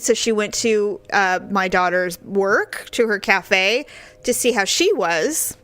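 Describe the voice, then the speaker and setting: A middle-aged woman co-hosting a podcast, chatting casually and acting out quoted voices in an animated way. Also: medium pitch, slow pace. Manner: animated storyteller, acts out quoted voices with big jumps. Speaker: podcast co-host. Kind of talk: casual chat.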